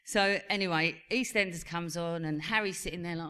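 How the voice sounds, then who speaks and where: A woman in her forties with an English accent telling a lively family story on stage, acting out the voices of her sons. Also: lowish voice, fast talker, hardly any pauses. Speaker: actress on a reunion panel. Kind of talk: live stage Q&A anecdote. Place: cinema venue on stage.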